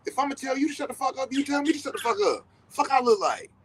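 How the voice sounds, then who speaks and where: A man's voice: very high-pitched, fast talker, slightly rough, rough recording. Blunt, profane man telling stories. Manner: blunt, profane, emphatic repetition; animated storytelling with quoted dialogue. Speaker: podcast host. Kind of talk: casual monologue.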